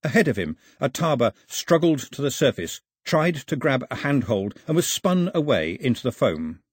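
A man narrating an audiobook in an expressive storytelling manner. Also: medium pitch, normal speed, breathy edge, dry recording, clean studio sound.

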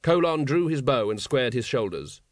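A man narrates a story in a steady, dry storytelling voice at a middle pitch. The sound is close and dry, with no room around it. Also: normal speed, no echo. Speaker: audiobook narrator. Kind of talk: scripted narration.

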